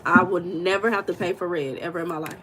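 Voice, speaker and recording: Blunt, animated American woman streaming. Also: fairly low pitch, quick pace, background noise. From United States. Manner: blunt, animated, swears, drops into emphatic bursts. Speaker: livestream host. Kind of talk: casual livestream chat reading viewer comments.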